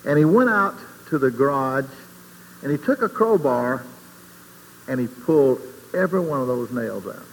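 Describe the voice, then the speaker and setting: A man giving an informal sermon in a folksy, conversational way, asking the audience questions and swinging between quiet asides and loud emphasis. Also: medium pitch, lively intonation, normal speed. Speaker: speaker giving a Christian testimony. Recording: long hall reverb, faint background noise.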